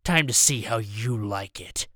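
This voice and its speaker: Brief: male narrator plays a villainous captain, deep, slow and threatening. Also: pushed and bright, no echo, studio quality. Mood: menacing. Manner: slow, low and drawling.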